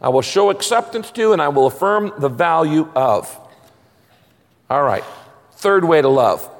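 A man preaching a sermon as pastor, emphatic and animated. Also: fairly high pitch, measured pace, gravelly, in a large hall.

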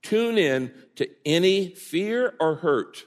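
Animated preaching man in echoing hall. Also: sits high, slow pace. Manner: animated preaching, swinging from loud to hushed. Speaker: pastor. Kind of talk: sermon.

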